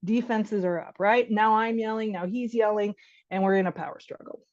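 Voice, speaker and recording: A woman's voice: medium pitch, steady tone, normal speed, a little mellow. A woman in her thirties, a physician, giving a casual spoken parenting workshop and often checking in with "right?". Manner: chatty, keeps checking in with "right?". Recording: dull lo-fi online workshop audio.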